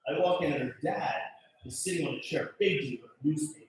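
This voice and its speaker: Loud animated stand-up comedian, echoey. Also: male voice, on the high side, fast talker. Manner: loud, animated storytelling with shouted punchlines and mimicked voices. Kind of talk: stand-up set. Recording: echoey, distant live recording.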